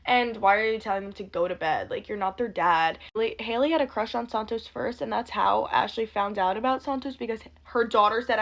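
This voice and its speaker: A young woman recapping drama in a casual, fast and sarcastic gossip style, swearing freely. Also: on the high side. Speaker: commentary youtuber.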